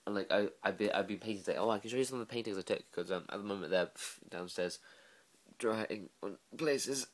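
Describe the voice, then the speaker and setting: A man's voice: fairly low pitch, fairly quick. A tired man up late, talking in a rambling, filler-heavy, self-mocking way in a casual vlog. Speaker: vlogger.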